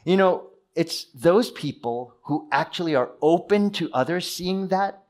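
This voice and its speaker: A man's voice: fairly high pitch, lively intonation, a little slow, a little mellow. Earnest male pastor preaching. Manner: earnest, with personal anecdotes and rhetorical questions. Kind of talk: sermon.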